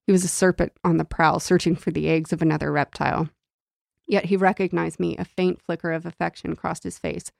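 Low gravelly woman reading aloud. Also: a little fast, no echo, clean studio sound. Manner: reads novel passages aloud, animated and laughing when chatting. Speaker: book club podcast co-host. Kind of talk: casual chat with read-aloud passages.

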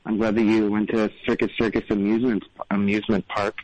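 Young adult male caller, lowish voice, rambling, filler-heavy. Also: little pitch movement, fast, darkish tone, slight background noise, poor audio. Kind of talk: casual phone call.

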